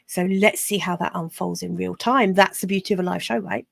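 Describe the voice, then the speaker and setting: A woman's voice: fairly low pitch, steady tone, brisk, vocal fry, no room sound. A woman, a business coach chatting casually on a podcast, often correcting herself and laughing easily.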